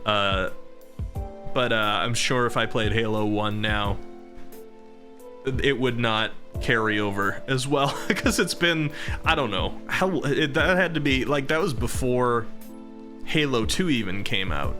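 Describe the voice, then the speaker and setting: A man's voice: medium pitch, animated, measured pace, pushed and bright, soft background music. A man in his thirties chatting casually on a live stream, rambling and chuckling between thoughts.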